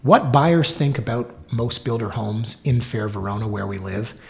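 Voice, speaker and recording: A middle-aged man hosting his own real-estate podcast, telling stories in an animated, wry way with joking asides. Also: mid-range voice, moderate pace, gravelly. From Canada. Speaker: realtor and podcast host. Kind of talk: solo podcast talk with storytelling.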